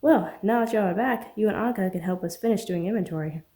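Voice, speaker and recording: A man's voice: sits high, quick pace, warm tone. A woman reading a supportive male friend in an audiobook, reassuring though shaken.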